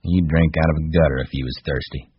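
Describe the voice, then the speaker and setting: Man doing a wiry irritable ranch hand, sharp, scolding, low husky voice, audiobook, dry dull audio. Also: steady tone, fast talker, no room sound. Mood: exasperated. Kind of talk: audiobook character voice.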